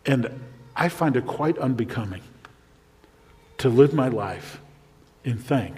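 A male pastor delivers a sermon in a medium-pitched voice. He asks the listeners pointed rhetorical questions, then drops to a soft, near-whispered tone. His voice rings with the long reverb of a large hall. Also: lively intonation, measured pace, long pauses. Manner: preaching with rhetorical questions and sudden drops to a hushed voice.

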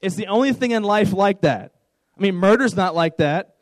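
Animated, joking youth pastor man. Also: high voice, moderate pace, no echo, rough recording. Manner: conversational, repeats words, animated and joking. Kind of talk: sermon to a youth group.

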